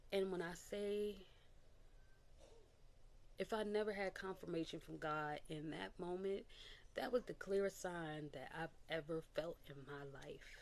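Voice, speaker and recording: A woman's voice: fairly low pitch, vocal fry. A young adult woman sharing a candid personal testimony as a casual vlog, talking animatedly and acting out what people said. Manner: candid and animated, with quoted voices and little laughs. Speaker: vlogger.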